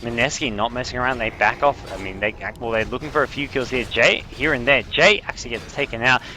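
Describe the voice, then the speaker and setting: Bright-voiced young male esports caster. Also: mid-range voice, fairly quick. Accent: slight French. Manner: analytical, rising to excited bursts on big plays. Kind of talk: solo game commentary.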